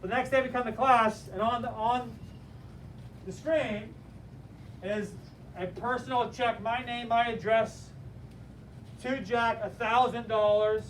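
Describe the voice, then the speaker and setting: A man teaching a class, telling a story in an animated, direct and motivational way. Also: very high-pitched, takes it slowly, pauses often. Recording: distant mic with faint room noise.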